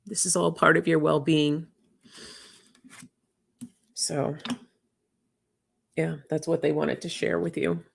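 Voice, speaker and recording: Slow, gravelly woman reading oracle cards. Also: low-pitched, little pitch movement, a little hiss or hum. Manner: gentle, emotional, reflective, laughs often. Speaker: oracle card reader. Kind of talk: live-streamed oracle card reading.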